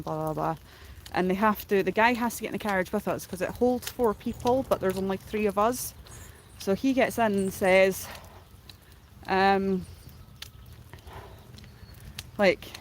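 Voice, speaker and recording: A woman's voice: medium pitch, a little hiss or hum. Rambling woman telling a story. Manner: rambling, filler-heavy, emotional retelling. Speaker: streamer. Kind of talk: casual storytelling on a livestream.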